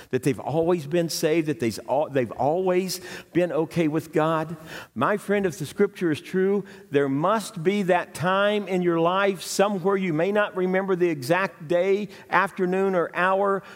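A man's voice: high-pitched, big-room sound. A man preaching a sermon as pastor, earnest and emphatic, driving points home with repetition.

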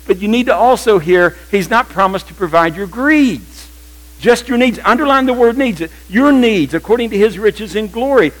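An older man preaching a sermon in a church, animated and humorous, slipping into playful quoted voices. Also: sits high, normal speed, poor audio. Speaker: pastor.

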